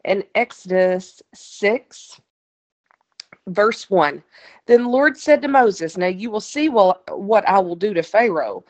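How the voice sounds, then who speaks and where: A woman's voice: mid-range voice, normal speed. A woman teaching a Bible study, reading scripture aloud and explaining it in a plain, conversational way with asides to her listeners.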